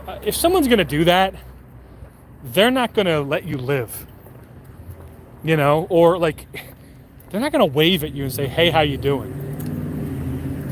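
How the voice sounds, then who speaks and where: A man streaming from his phone while out walking, telling a rambling, profane story with animated quoted voices. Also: sits high, slight background noise.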